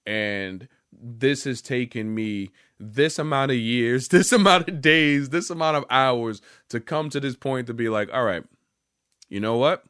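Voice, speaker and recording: A man's voice: mid-range voice, measured pace, fairly bright tone, clear, resonant tone, dry recording, studio quality. A young man telling a story to the camera in a loose, rambling, profane way, full of restarts and fillers. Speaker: vlogger. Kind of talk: casual storytelling monologue.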